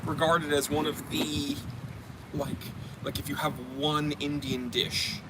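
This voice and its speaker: A man hosting a loose, casual chat, rambling and cracking jokes. His voice sits a little high. There is clear noise in the background. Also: flat delivery, takes it slowly. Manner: rambling, many "like" fillers, joking. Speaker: host. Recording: noisy background.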